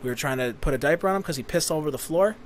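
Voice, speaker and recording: A man's voice: on the high side, rapid-fire. A man hosting a casual podcast, telling a crude, rambling, profanity-heavy story. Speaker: podcast host.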